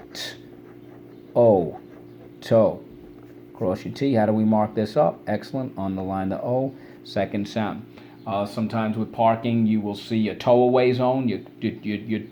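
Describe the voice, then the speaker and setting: A man's voice: on the low side, dark tone, lo-fi sound, slight background noise. A man teaching children a spelling lesson in an upbeat, coaxing call-and-response style.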